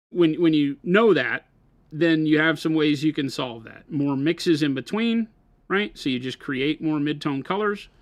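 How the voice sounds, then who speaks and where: A man's voice: on the high side, no room sound. Dry-sounding man explaining painting. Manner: explains patiently, asks "right?" often. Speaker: co-host and painter on a hobby live stream. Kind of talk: casual live-stream chat and painting tips.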